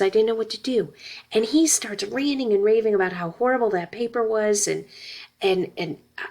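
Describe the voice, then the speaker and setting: Middle-aged woman teacher, chatty lecture, a bit of vocal fry, tells stories, keeps asking "right?". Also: medium pitch, lively intonation, normal speed, darkish tone. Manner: conversational, personal storytelling, tag questions. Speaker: college instructor. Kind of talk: recorded lecture.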